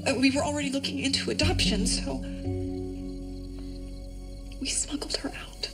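An actress playing a woman confiding a dangerous secret in a TV drama, with loud music behind her. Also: high voice, fairly even intonation, normal speed, whispered. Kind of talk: TV drama acting. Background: music score.

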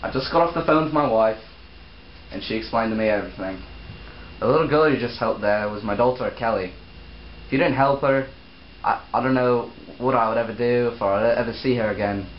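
A man's voice: medium pitch, brisk, natural voice. Young man playing a fumbling grateful boss. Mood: earnest. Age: young adult. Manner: stumbles over lines, restarts takes. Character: grateful male company boss, earnest and fumbling. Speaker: student actor. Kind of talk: amateur class-project acting with outtakes. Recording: echoey lo-fi room recording with noise.

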